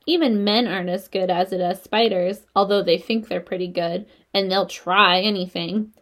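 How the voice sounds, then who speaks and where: A wise and kindly spider in a storybook, calm and measured, explaining things with patient, gently teasing ease, voiced by a woman reader. Her voice sits close to the narrator's own, just a touch steadier and lower. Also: natural voice.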